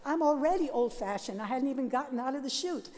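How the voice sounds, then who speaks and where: An older woman, a Catholic nun, telling her life story in a lively, laughing way and acting out the sounds and voices in it. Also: high voice, quick pace, long reverb tail, very noisy. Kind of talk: animated personal storytelling.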